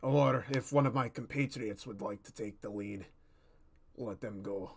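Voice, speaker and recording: A man's voice: fairly low pitch, a little slow, gravelly, husky. Man casually playing a tabletop game. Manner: casual, hesitant with fillers. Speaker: player.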